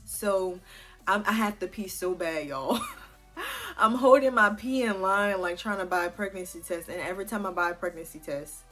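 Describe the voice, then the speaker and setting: A vlogger in her 20s chats casually and animatedly with viewers while telling a personal story, swearing freely. Her mid-range voice is expressive and a bit bright at a moderate pace, with soft background music.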